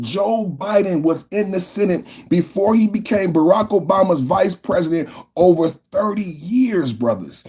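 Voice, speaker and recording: Husky man ranting, profane and heated. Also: high voice, animated, measured pace, hardly any pauses. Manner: heated, profane, ranting, repetitive, building to shouting. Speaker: podcast host. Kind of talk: political rant.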